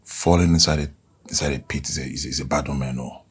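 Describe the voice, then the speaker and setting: A man's voice: rumbling low, steady tone, fast talker, slightly rough, full character voice. An actor playing a stern, strict father who gives firm orders and stammers when uneasy.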